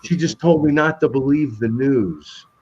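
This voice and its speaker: A man telling a story on a live stream in a loose, animated way, often restarting his sentences. His pitch sits in an ordinary middle range. The sound is a little dull and lo-fi. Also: moderate pace, slightly rough. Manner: rambling, animated, frequent restarts. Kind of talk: casual storytelling chat.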